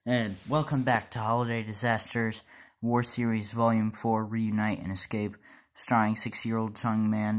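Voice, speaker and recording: A man casually narrating an improvised homemade story, rambling and correcting himself as he goes. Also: fairly low pitch.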